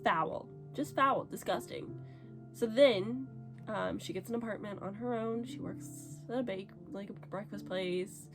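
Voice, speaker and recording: A young woman vlogging casually about a book she is reading, with animated, dramatic reactions. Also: medium pitch, unhurried, over music. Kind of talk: casual reading vlog chat.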